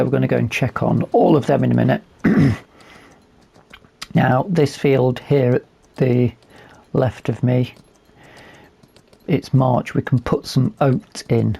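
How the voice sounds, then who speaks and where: Slow, gravelly-voiced man, hoarse. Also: medium pitch, warm tone. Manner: unhurried, thinking aloud with fillers. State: losing his voice. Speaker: gaming video host. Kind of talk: relaxed game commentary.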